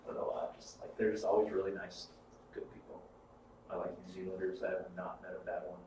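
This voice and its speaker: A man's voice: low-pitched, level tone, quick pace, warm tone, slight background noise. A man, a podcast co-host, chatting casually and rambling through stories with plenty of swearing. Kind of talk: casual chat. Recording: echoey room, mic far off.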